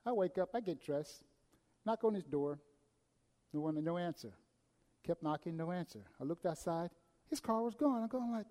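A man preaching a sermon, swinging between loud emphasis and hushed, quiet passages. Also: high voice, sing-song, moderate pace, pauses often. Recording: long hall reverb.

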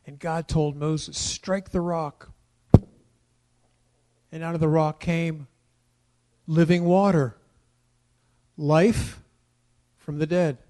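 A middle-aged man preaching a sermon, emphatic and building to loud declarations. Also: fairly high pitch, fairly even intonation, slow pace, long pauses. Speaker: pastor.

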